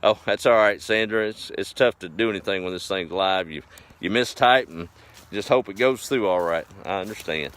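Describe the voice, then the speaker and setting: A man's voice: deep voice, normal speed, fairly bright tone. An older man, chatting casually and folksily on a live stream, greeting viewers by name. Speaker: host of a live farm stream.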